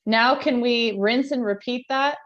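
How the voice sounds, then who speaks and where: Woman podcast host, higher voice, talks slow and encouraging, kinda muffled lo-fi sound. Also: a bit bright. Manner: encouraging listener with frequent affirmations. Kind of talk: casual chat.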